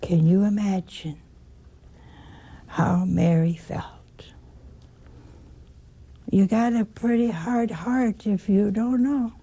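A woman's voice: mid-range voice, slow, long pauses, warm tone, husky. An older woman preaching a sermon, emphatic, asking rhetorical questions and repeating her phrases.

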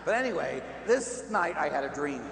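A man from Pittsburgh, a Catholic priest, telling a humorous, animated personal story in a sermon, often laughing and adding "huh?". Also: fairly high pitch, moderate pace. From Pittsburgh, United States. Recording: echoey hall, faint hum.

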